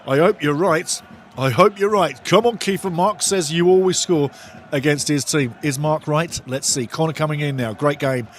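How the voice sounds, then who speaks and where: A man hosting a live football watch-along, commentating excitedly, shouting at big moments and reading viewer comments aloud, often repeating his phrases. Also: on the high side, normal speed, slight background noise.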